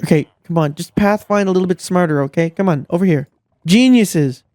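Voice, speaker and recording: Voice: mid-range voice, fairly quick, a little mellow, no room sound, studio quality. A gameplay commentator talking casually, exasperated and swearing often, scolding game characters, with the voice leaping up when frustrated.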